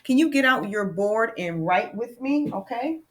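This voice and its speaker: A woman teacher giving a lesson to young learners, patient and encouraging, calling them friends and slowing down to spell out sounds. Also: on the high side, lively intonation.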